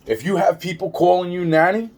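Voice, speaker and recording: Husky man ranting profanely. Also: high voice, a little fast, a little mellow. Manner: profane, rambling, repeats himself, stumbles over restarts. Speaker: vlogger. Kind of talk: ranting vlog monologue.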